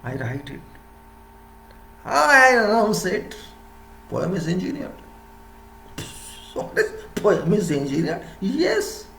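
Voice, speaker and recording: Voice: medium pitch, echoey room, slight background noise. An engineering lecturer in a rambling, playful monologue who asks rhetorical questions and answers them.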